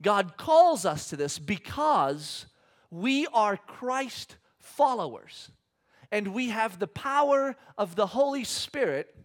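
A man's voice: sits high, slow. A man in his thirties preaching a sermon, telling a personal story with humor and acting out the scenes. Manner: animated storyteller, acts out scenes, self-deprecating humor. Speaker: pastor. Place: church hall with congregation.

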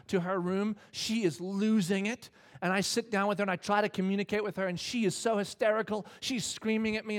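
A man in his thirties preaching a sermon, telling a personal family story and acting out the voices in it. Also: high-pitched. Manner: animated, acts out voices in his stories. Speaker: pastor.

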